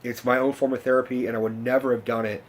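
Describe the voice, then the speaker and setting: A man's voice: mid-range voice, flat delivery, fast talker. A young man, telling a story in a casual, rambling, profane rant to camera. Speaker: vlogger.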